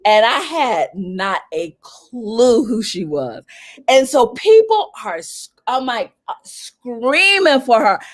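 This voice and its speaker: A woman from North Carolina, a celebrity publicist telling stories as an interview guest, animated and acting out what people said in a raised voice. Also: a little high, slow pace. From North Carolina, USA. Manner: animated, acts out quotes in a raised voice. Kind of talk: storytelling in an interview.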